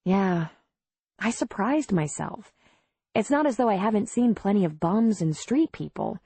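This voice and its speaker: A woman's voice: medium pitch, animated, a little slow, warm tone, breathy edge, no echo. A woman voicing a candid, earnest widowed midwife from the city in an audiobook.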